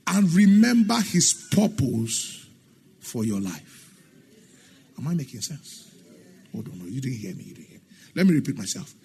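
A man's voice: sits high, gravelly, darkish tone, husky. A middle-aged man preaching a sermon in an emphatic, sing-song way, asking the congregation questions and acting out the dialogue in his stories. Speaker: pastor.

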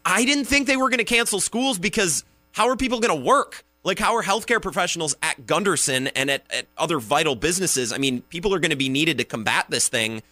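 A man on talk radio, asking questions in an animated, casual way. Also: fairly high pitch, brisk, hardly any pauses, dry recording, soft background music. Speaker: radio guest and host.

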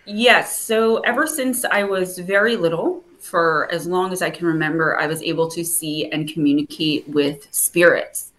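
A woman in her thirties with a New Jersey accent, a podcast guest talking quickly and openly over a video call. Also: lowish voice, a bit bright. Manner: quick, chatty, open and upbeat. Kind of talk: casual podcast conversation.

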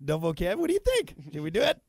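A man's voice: high-pitched, wildly swooping pitch, fast talker, background noise. A middle-aged man hosting a morning radio show, chatting in a playful, mock-innocent teasing way. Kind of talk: casual radio banter.

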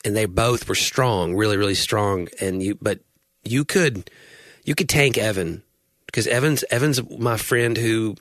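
A man co-hosting a podcast in casual chat, talking in a relaxed, halting way and repeating words, on a close studio microphone. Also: fairly low pitch, no echo. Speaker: podcast co-host and audiobook narrator.

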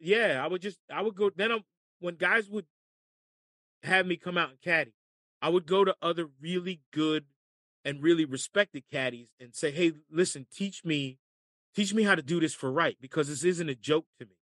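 Animated American man telling stories. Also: fairly high pitch, moderate pace, dry recording, clean studio sound. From United States. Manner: animated storyteller acting out voices, laughing often. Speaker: caddie and broadcaster. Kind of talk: storytelling in a podcast interview.

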